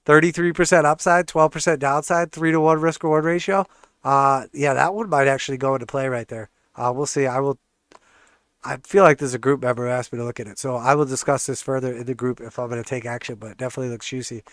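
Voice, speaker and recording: A man's voice: mid-range voice, fairly even intonation, fast talker, a bit bright, dry recording, studio quality. A man with a congested, stuffed-up voice hosting a live trading stream, walking through charts in a casual, joking way. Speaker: trading channel host.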